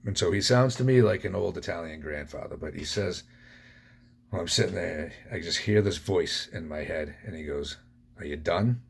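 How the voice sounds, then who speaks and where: Man, podcast host, very low voice, raspy, gravelly, blunt and profane, personal storytelling. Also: moderate pace.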